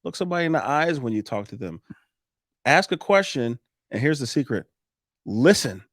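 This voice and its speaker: Animated man coaching in casual chat. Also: mid-range voice, fairly quick, dry recording, studio quality. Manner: animated, coaching tone, laughs often, restarts sentences. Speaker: podcast guest, roofing business owner.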